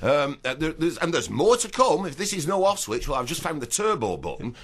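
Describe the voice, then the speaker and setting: Animated northern English man, lively pitch. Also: a little fast. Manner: animated, repeats words while starting thoughts. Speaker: interview guest, broadcaster and author. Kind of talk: radio interview.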